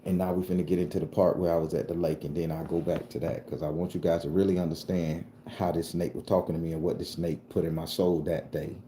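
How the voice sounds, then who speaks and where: A man from southern Florida tells a spooky tale in a very low, deep voice with a dark, mellow tone. He swears freely and acts out every line of dialogue. The recording has a roomy echo. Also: fast talker, hardly any pauses, a little hiss or hum. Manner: profane, animated, acts out dialogue. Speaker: storyteller and channel host. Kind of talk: casual spoken ghost story. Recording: echoey room.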